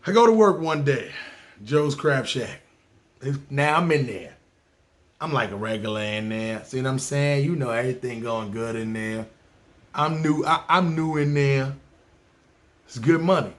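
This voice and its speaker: A man from New telling a story on his podcast, lively and full of slang and profanity. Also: mid-range voice, a little slow, pauses often. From New York. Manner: animated, profane, slangy, talks to listeners. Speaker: podcast host. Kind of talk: storytelling monologue.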